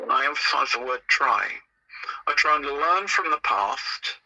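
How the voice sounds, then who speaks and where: Bright, husky-voiced man, rambling. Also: medium pitch, lively intonation, a little slow, rough recording. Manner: rambling and anecdotal, with frequent restarts. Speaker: podcast guest. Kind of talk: conversational podcast interview.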